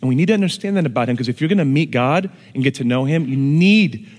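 A man's voice: medium pitch, animated, fast talker. Man preaching in a reverberant hall. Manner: storytelling, swings from hushed to loud and emphatic. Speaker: pastor. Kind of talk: sermon. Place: church hall with an audience. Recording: long reverb of a church hall.

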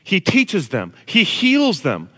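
A man preaching a casual, animated sermon to a congregation. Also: high voice, slow pace. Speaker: pastor. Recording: long reverb of a large hall.

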